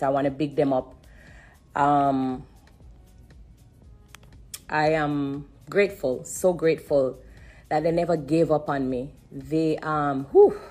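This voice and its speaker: A woman giving an emotional testimony on a live stream, religious and repetitive, pausing to breathe and fight back tears. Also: low-pitched. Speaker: live streamer sharing her story.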